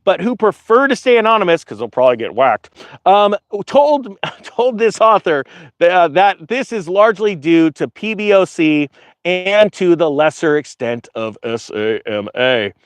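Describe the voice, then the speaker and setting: A man's voice: high voice, moderate pace, dry recording. A man hosting a finance channel, reading an article aloud and making casual, digressive, joking comments to viewers. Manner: animated, digressive, jokey asides to viewers.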